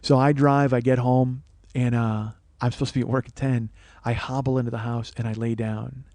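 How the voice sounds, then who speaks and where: A man hosting a podcast, telling a comic personal story in a profane, animated, self-mocking way. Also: medium pitch, moderate pace, no echo. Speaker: podcast host. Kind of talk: comedic storytelling monologue.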